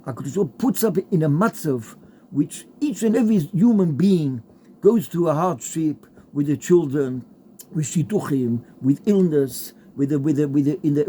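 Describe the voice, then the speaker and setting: A man's voice: fairly high pitch, normal speed, dark tone, a little hiss or hum. A man giving a heartfelt Torah talk with a story, mixing in Hebrew and Yiddish terms. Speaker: Torah speaker.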